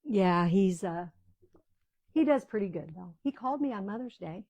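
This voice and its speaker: A woman's voice: mid-range voice, lively intonation, moderate pace, dark tone, no echo. A woman in her sixties chatting casually to viewers while she crafts, rambling through family stories in a talkative, storytelling way. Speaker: craft video host. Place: small-town home.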